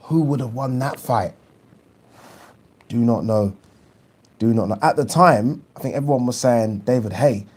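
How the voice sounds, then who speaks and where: A man with a mellow, warm voice and a medium pitch, talking casually as he hosts a live stream about boxing. He is opinionated and chatty, often pausing on an "um" or repeating a word before he makes his point. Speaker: boxing channel host. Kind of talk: casual live-stream chat, reading viewer questions.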